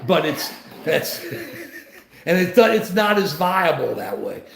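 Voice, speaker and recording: A man's voice: a little high, sing-song, takes it slowly, vocal fry. A man in his seventies hosting a live political talk show, speaking with passion and often restarting his sentences. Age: 70s. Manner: impassioned, rambling with restarts. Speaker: host. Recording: roomy echo.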